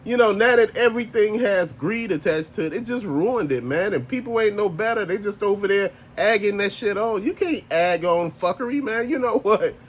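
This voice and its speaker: A man's voice: high voice, expressive, normal speed, hardly any pauses, a little hiss or hum. A married man ranting casually to camera as a toy collector vlogger, blunt, profane and exasperated. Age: adult, married.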